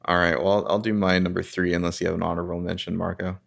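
Deep, gravelly man in casual chat. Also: level tone, fast. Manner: rambling, laughs often. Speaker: podcast co-host. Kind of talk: casual movie review chat.

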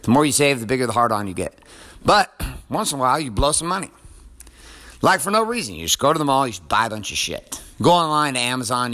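A man in his forties talks straight to his listener in a loose motivational monologue. He is blunt and swears freely, with an everyday mid-pitched voice. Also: pushed and bright. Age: 40s. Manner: blunt, profane, conversational.

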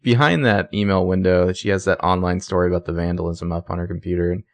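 A man co-hosting a casual podcast, recapping a TV episode in an animated way, acting out lines and swearing freely. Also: sits low, fast. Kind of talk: casual chat.

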